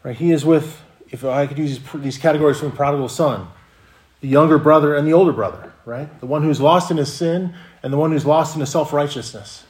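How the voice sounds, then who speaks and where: A man's voice: on the high side, brisk, darkish tone. A man preaching a sermon as pastor, earnest, often repeating words as he restarts a phrase.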